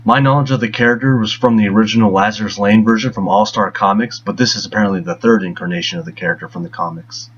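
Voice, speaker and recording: A man's voice: on the low side, steady tone, quick pace, few pauses, slight background noise. A man reading a scripted film review in a sarcastic, mocking tone. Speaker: movie reviewer. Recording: dull lo-fi voice.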